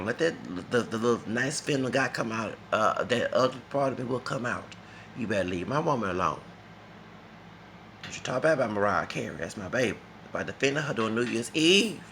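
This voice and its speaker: A man's voice: on the low side, animated, brisk, sharp tone, slight background noise. A man from Texas, talking in a rambling, emphatic casual monologue that repeats itself and slips into Spanish phrases. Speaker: vlogger.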